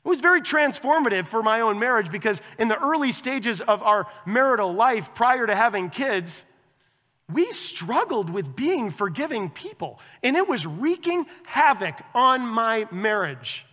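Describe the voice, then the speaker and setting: A man preaching a sermon as a pastor, conversational and animated, acting out quoted dialogue with his wife. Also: extremely high pitch, unhurried, big-room sound.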